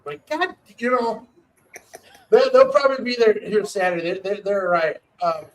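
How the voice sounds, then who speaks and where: A man's voice: high voice, fairly even intonation, normal speed, rough recording. A man hosting a podcast in casual chat, talking loosely and restarting his words often. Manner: chatty, repeats words as he restarts. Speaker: podcast host.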